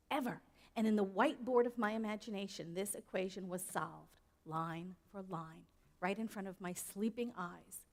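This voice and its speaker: A woman's voice: mid-range voice, dark tone. A woman minister giving a sermon in a conversational way, often asking the audience questions. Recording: long hall reverb.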